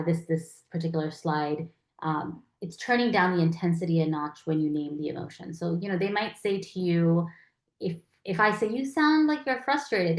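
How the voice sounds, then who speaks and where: A woman's voice: on the low side, echoey room. A woman teaching a lecture in a conversational way, acting out quoted phrases as she goes. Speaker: palliative care educator.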